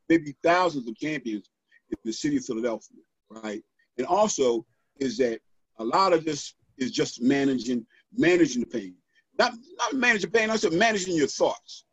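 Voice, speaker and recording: A middle-aged man with a high, husky voice gives an animated, preacherly pep talk as a podcast guest. He keeps tagging his points with "right?". The sound is dull and lo-fi with a dry, close feel. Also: dry recording. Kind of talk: motivational podcast conversation.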